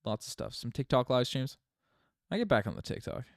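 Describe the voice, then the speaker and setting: A young man from Newfoundland, Canada, hosts his channel's live stream, his light Newfoundland accent carried by a very animated, creaky mid-range voice at a fairly quick pace. The studio-quality audio has no echo, and his chat rambles along with many restarts and laughs.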